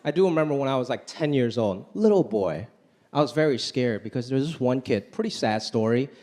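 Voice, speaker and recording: A man performing a stand-up comedy routine on a club stage, talking in an animated way and acting out the voices he quotes. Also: mid-range voice, brisk. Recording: live club recording with crowd noise. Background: audience laughter.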